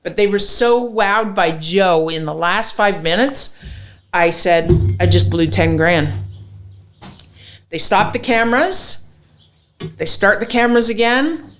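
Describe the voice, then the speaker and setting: Brief: woman chef, mid-pitched, swears, plays out the quotes in her story. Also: lively intonation, unhurried, a bit bright, slight background noise. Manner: swears freely, acts out quoted dialogue. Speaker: chef, podcast guest. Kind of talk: animated storytelling in casual chat.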